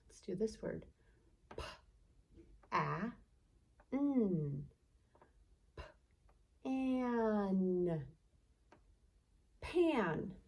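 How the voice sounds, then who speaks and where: A woman teacher leading a children's phonics lesson, slowly sounding out letters and blending them into words with gentle encouragement. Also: lowish voice, vocal fry. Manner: gentle, encouraging teacher talk to young kids.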